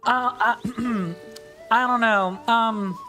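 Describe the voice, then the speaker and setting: Soft music plays behind a very high, pushed, bright voice that moves very slowly with a steady tone. He's a thirties-aged livestream host from South Carolina, US, whose accent sounds British, reading chat on a casual game stream in a friendly, rambling manner with many fillers and restarts.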